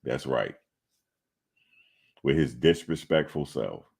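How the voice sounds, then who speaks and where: Man, extremely low voice, sports show host, mocking banter, repeats himself. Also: lively intonation, slow, gravelly, darkish tone, husky. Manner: trash-talking, mocking, repeats himself for laughs. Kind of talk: casual chat responding to live chat.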